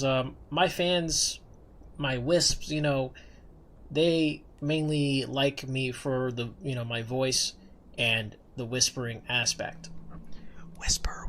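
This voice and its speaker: A young man streaming as a VTuber, chatting casually and softly in an ASMR style, rambling and playful. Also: mid-range voice, a little hiss or hum. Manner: relaxed, rambling, soft-spoken with playful whispers. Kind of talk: soft-spoken ASMR stream chat.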